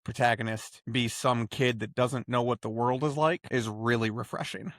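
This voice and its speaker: A man co-hosting a casual book-review podcast, teasing his co-hosts in quick back-and-forth. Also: mid-range voice, steady tone, a bit bright, dry recording, studio quality. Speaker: podcast co-host.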